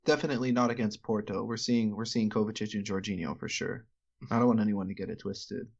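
A man's voice: on the low side, steady tone, fast talker, creaky, muffled recording. A man co-hosting a casual sports talk show, rambling, with many restarts and hedges. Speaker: podcast co-host.

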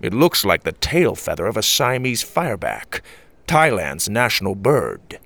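A man voicing a wise old grandfather explorer in a children's story, speaking slowly and deliberately. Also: on the low side, huge pitch swings, fairly bright tone, no room sound, full character voice. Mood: thoughtful. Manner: slow, deliberate, gravelly. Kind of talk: storybook character reading.

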